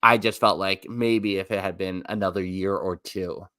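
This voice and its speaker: A podcast co-host chats casually in a low, steady voice at a normal speed, his tone sharp. He rambles and corrects himself as he goes, and the clean studio recording has no echo.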